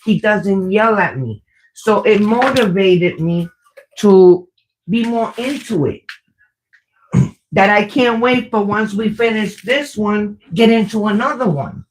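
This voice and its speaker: A woman's voice: medium pitch, slow, rough recording. An older woman, a grandmother, chatting casually on a livestream and sharing family anecdotes. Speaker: livestream co-host.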